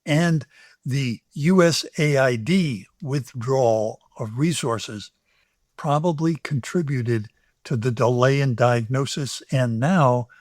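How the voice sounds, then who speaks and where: Older man, deliberate expert explaining. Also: mid-range voice, dry recording, clean studio sound. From United States. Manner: deliberate, explanatory, emphatic with occasional soft asides. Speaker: infectious disease expert guest. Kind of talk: measured expert interview answers.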